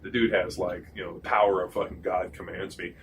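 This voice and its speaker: A low-voiced man talks quickly, telling profane and animated stories from his playing days as a former lineman. He is recorded from some distance off the mic. Steady noise fills the room behind him. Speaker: podcast host, former pro football lineman. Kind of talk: casual storytelling chat.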